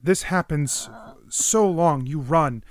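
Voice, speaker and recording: A man's voice: fairly high pitch, takes it slowly, dry recording, studio quality. A man running a tabletop game as game master, narrating scenes and voicing side characters, with frequent fillers.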